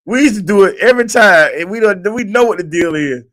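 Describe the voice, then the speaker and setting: A man's voice: high voice, expressive, quick pace, fairly bright tone. A man co-hosting a podcast who laughs along and tells his own childhood memories in casual slang. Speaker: podcast co-host. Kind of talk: casual chat.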